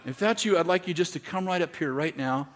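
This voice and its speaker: A man preaching a sermon to a congregation, telling stories with quoted dialogue and building to shouted, repeated lines. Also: a little high, brisk, some chatter behind. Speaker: pastor. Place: church in front of a congregation.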